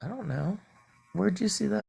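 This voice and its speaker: A woman's voice: medium pitch, expressive, normal speed, creaky, dark tone. A woman chatting bluntly and profanely on a live stream, rambling as she vents. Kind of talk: casual venting chat.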